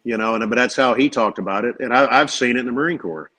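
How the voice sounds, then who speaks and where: A man's voice: medium pitch, quick pace, bright, forceful tone, poor audio. A man with a mid-range voice talks earnestly in a casual podcast conversation. He circles his points with many "you know"s and restarts. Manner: earnest, rambling, acts out quoted leaders. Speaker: podcast co-host, Marine veteran. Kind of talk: casual chat.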